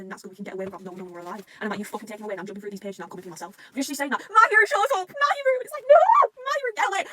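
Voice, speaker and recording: A woman reacting to a manga arc, rambling and swearing often, swinging between rants and excitement. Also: mid-range voice. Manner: swears constantly, rambling, quick emotional swings.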